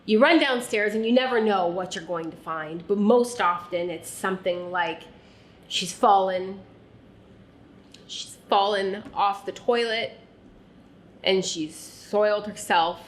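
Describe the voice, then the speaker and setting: A woman recounts her own past, speaking straight to the listener as "you". Her voice sits at an ordinary pitch and moves at a slow, unhurried pace. She sounds earnest and often sinks into a soft, quiet tone. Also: slight background noise. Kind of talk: reflective second-person personal narration.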